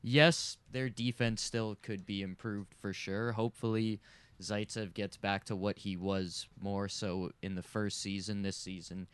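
Man, sports talk co-host, very smooth voice, dry close sound. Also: fairly low pitch, fairly even intonation, no echo. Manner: measured, analytical. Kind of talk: casual sports analysis.

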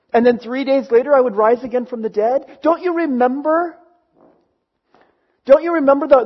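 A man voicing a gentle, reassuring risen male teacher, speaking tenderly and repeating himself on a dull, lo-fi recording. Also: very high-pitched, husky. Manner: tender, pleading repetitions.

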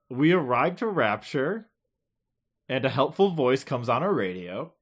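A man co-hosting a podcast, casually recapping a game with a playful, teasing manner and frequent laughter. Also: mid-range voice. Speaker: podcast co-host.

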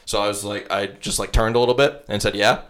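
Fast-talking young man telling a story. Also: on the low side, level tone, fairly bright tone. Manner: rambling anecdote with frequent likes and profanity. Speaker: podcast host. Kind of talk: casual storytelling chat.

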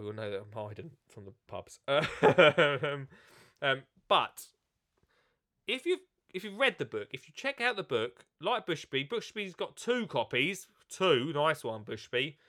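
A man's voice: mid-range voice, sing-song, a little slow, bright, forceful tone. A man with a cold, chatting casually and jokily to viewers about his gardening book, with lots of restarts. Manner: jokey, rambling, many restarts. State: has a cold. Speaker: author and gardening presenter. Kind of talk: casual live video chat.

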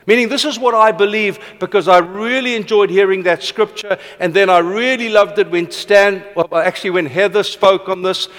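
A middle-aged man preaching a passionate sermon, rushing ahead and then slowing for emphasis. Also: sits high, steady tone, a bit bright. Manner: passionate, fast-paced with sudden slow emphatic drops. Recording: long reverb of a large hall.

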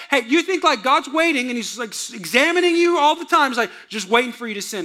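Preacher guy telling stories in his sermon, acts out the voices, real high and bright. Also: expressive, fairly quick, hardly any pauses. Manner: storytelling, acts out quotes, laughs with the audience. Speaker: pastor.

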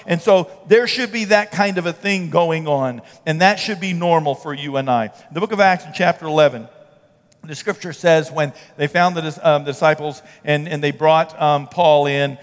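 A man's voice: sits high, big-room sound. A man pastor preaching a conversational sermon to his congregation, acting out mocking quotes and pushing up into emphatic peaks. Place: church sanctuary.

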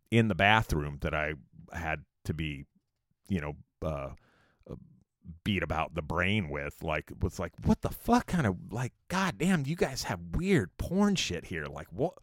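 A young man from California spins a loose, profane tour story, stumbling through plenty of fillers. His lowish voice leaps up and down animatedly as he talks. The sound is dry and close. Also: dry recording. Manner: rambling, profane, many fillers. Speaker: musician recounting a tour. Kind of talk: casual storytelling monologue.

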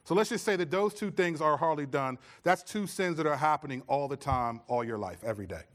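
A man's voice: on the high side, a little fast. A middle-aged man preaching a sermon as pastor, telling stories and acting out his own voice as a dad. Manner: animated storytelling, acts out his own scolding voice.

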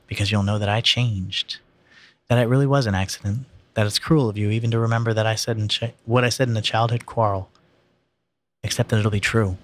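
A man reading aloud voices a scheming, menacing teenage older brother who taunts in low threats. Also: steady tone, a little fast, no echo, lightly acted.

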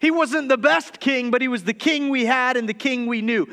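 A man in his thirties preaches from the pulpit in a high, bright, forward voice. He tells self-deprecating stories with a comic edge, then drops into a hushed, tender tone. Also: moderate pace. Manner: humorous, confessional storytelling that turns quiet and tender. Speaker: pastor. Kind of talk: sermon.

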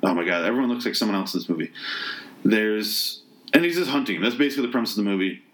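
A man tearing into a movie in a loose, rambling rant, dropping curses and sarcastic asides. His voice sits slightly low, and he keeps stumbling over restarts as his exasperation builds. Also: lively intonation, quick pace, a bit bright. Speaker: movie reviewer. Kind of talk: casual spoken rant.

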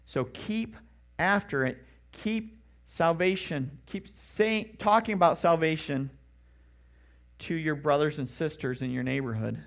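A man's voice: on the high side, creaky. Earnest man preaching a sermon. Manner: earnest, conversational preaching with rising emphatic questions. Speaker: pastor.

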